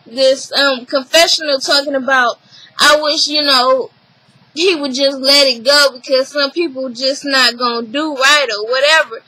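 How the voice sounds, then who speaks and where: High, bright-voiced woman recapping a show. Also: dry recording, low-quality recording. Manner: animated retelling, acts out others' lines, emphatic. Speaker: reality TV recapper. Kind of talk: casual recap vlog.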